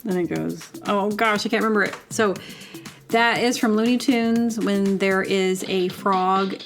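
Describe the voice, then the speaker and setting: A woman of middle pitch talks on a solo podcast in a loose, rambling way. She wanders from one thought to the next, full of "like" and "um" and half-finished sentences. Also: fairly even intonation, a little slow, soft background music. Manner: rambling, chatty, digressive, with many fillers. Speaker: podcast host. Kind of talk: casual solo monologue.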